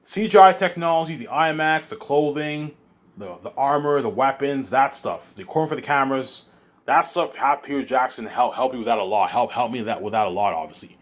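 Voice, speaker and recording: A man's voice: medium pitch, brisk. Guy rambling on a vlog, hyped, says stuff over and over. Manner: hyped, repetitive, keeps circling back. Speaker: vlogger. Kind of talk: rambling monologue.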